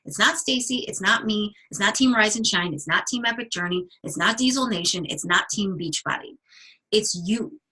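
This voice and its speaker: A woman's voice: mid-range voice, pushed and bright, husky, low-quality recording. A woman guest speaker giving a motivational talk to a coaching team, enthusiastic and chatty, drawing out words for emphasis. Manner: enthusiastic and emphatic, slowing down to stress key words; casual and chatty, with many restarts.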